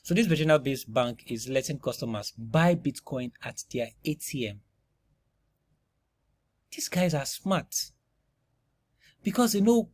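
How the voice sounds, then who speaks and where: A man's voice: mid-range voice, lively intonation, measured pace, long pauses, husky. A man giving casual commentary on cryptocurrency news in an emphatic, rhetorical way. He keeps tossing in "you see?" and "right?" and often restarts or repeats words.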